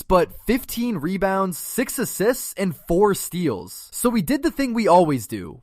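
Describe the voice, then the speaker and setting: Lively, punchy sports narrator, dry sound. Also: mid-range voice, no room sound. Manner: punchy, emphatic delivery of stats.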